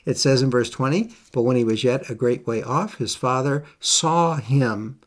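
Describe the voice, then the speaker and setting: A man preaches a sermon at a normal speed in a medium-pitched voice. He reads scripture aloud in King James wording and repeats key phrases for emphasis.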